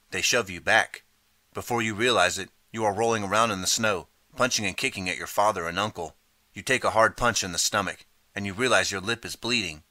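A man reading a second-person interactive audiobook in steady, measured narration. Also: lowish voice, dry recording.

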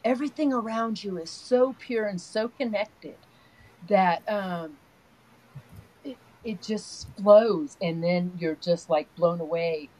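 An older woman talks softly and earnestly, winding through long spiritual stories as a guest. Her voice sits in a middle range for a woman, and her rambling delivery loops back on itself with many restarts. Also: mid-range voice, slow pace, low-quality recording. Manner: rambling, storytelling, soft and earnest. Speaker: energy healer guest. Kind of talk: casual spiritual interview talk.

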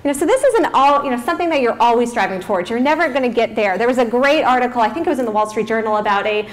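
A woman with a slightly high voice speaks to a room as a career coach. She is upbeat and direct, with light teasing between her practical pointers. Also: expressive, rapid-fire. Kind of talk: presentation to an audience.

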